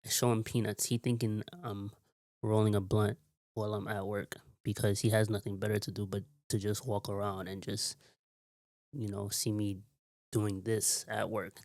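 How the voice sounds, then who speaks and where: A man telling a long, rambling story in a casual vlog, repeating himself and filling pauses with "like". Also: on the low side, darkish tone, dry recording, clean studio sound. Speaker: vlogger.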